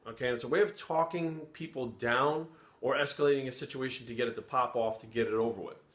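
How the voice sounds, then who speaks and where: A man's voice: mid-range voice, fast, fairly bright tone. A middle-aged man from Rhode Island tells a story from his police days, his voice sitting in a mid range. He talks bluntly and casually, with swearing in nearly every sentence. The recording has a noticeable roomy echo. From Providence, Rhode Island. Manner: blunt, heavily profane, conversational. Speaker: former police sergeant telling a story.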